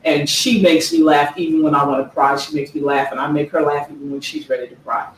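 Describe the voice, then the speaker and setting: Woman author, earnest book talk, slow emphatic read-aloud, distant mic with faint noise. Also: low voice, fairly even intonation, echoey room. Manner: earnest, slow emphatic reading, frequent "okay?" check-ins. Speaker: author presenting her own book.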